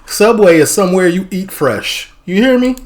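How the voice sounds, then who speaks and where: Animated guy reacting. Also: high voice, measured pace. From Chicago. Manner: animated, joking, laughs often. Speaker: reaction video host. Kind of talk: casual reaction commentary.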